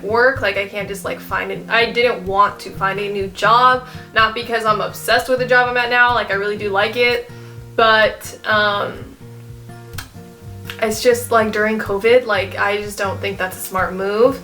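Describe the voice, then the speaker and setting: Bright young woman vlogging, rambly, lots of "like", a bit teary, soft guitar behind. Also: medium pitch, steady tone, normal speed. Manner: rambling, many fillers and restarts. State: tearful, emotional. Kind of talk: casual chat to camera.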